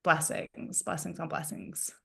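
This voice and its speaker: A woman in her thirties with a fairly low voice, speaking as a podcast guest. She talks in an animated, casual way, packed with "like" fillers and emphatic repetitions, and comes through a remote call microphone. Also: measured pace, creaky. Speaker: podcast guest, spiritual coach. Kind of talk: casual conversational storytelling. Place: at home property, indoors.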